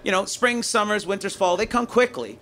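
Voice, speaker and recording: A man from North America doing a loud, profane, ranting stand-up comedy set on a club stage. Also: high-pitched, animated, a little fast, creaky.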